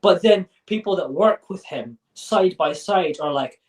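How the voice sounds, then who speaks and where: The guest, a former member, has a voice that sits high, expressive and unhurried. In this casual interview he's candid and blunt, swearing and restarting sentences often. The mic seems distant from him.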